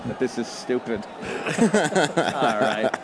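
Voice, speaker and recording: A man's voice: medium pitch, animated, very slow, over a noisy crowd. A man in casual comedic chat, crude and joking, swearing a lot.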